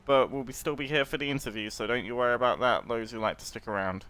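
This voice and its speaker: A man hosting a live racing broadcast, brisk and practical as he runs through penalties and results. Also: medium pitch, sharp tone, smooth. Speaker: race broadcast host. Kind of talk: live race commentary.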